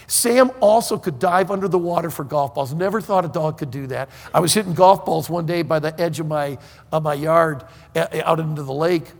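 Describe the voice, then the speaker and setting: Folksy preacher guy from northern michigan, kinda high voice, gravelly, gets shouty telling stories. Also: long reverb tail. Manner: folksy and animated, shouting in excitement. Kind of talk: storytelling sermon.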